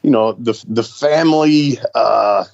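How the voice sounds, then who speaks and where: A man's voice: mid-range voice, takes it slowly, creaky, a little mellow, no room sound, muffled recording. A man hosting a podcast in casual chat, friendly and jokey, laughing often. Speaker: podcast host.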